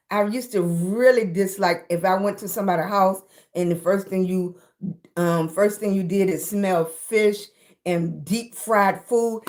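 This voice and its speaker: Chatty Southern woman livestreaming. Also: mid-range voice. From Virginia. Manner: chatty, thanks viewers warmly by name. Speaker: livestream host. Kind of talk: casual livestream chat.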